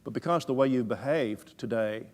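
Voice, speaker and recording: A man voicing a stern father who speaks in a low, hushed, steady voice. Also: a little fast, natural voice.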